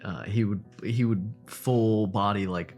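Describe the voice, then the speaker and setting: A man playing a tabletop game, slow and measured as he describes his character's actions. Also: on the low side, fairly even intonation, darkish tone, soft background music. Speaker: player. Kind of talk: tabletop role-play, in character.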